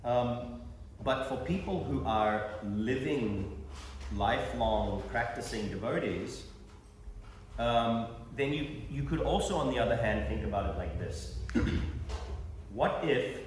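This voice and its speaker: A man's voice: medium pitch, lively intonation, slow. A man giving an informal class in a temple hall, quizzing and teasing his audience. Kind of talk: conversational scripture class. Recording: echoey hall with faint noise.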